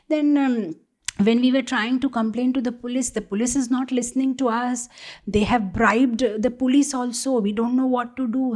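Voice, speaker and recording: A woman gives a devotional talk in a mellow, warm voice that sits a little high. She tells her story with animation, taking on the voices of the people in it. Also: moderate pace. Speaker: devotional speaker.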